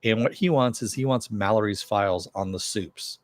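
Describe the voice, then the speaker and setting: Male reviewer with a low voice, casual recap delivery, dry close sound. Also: moderate pace, dry recording. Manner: conversational, with frequent filler. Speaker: TV show reviewer.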